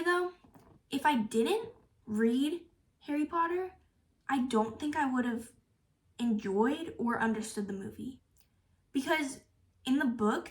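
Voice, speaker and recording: A young woman gushing in a casual review, bubbly and excitable, with "like" all through her talk. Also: high voice. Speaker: book reviewer.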